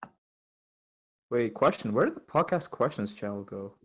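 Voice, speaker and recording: Young man, podcast co-host, online call, casual chat, jokey, slangy, mid pitch. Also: big pitch swings, normal speed, fairly bright tone, husky, rough recording. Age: young adult. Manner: laid-back, jokey, slangy. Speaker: podcast co-host reading listener questions.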